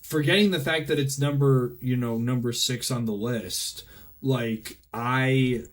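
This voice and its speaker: A man's voice: medium pitch, a little slow. Musing male podcast co-host. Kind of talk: casual chat.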